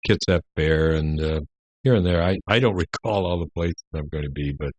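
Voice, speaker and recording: An older man, a guest on a radio interview, telling rambling stories full of pauses. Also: low voice, a little mellow, no room sound. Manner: rambling anecdotes with many "uh" pauses. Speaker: guest entertainer.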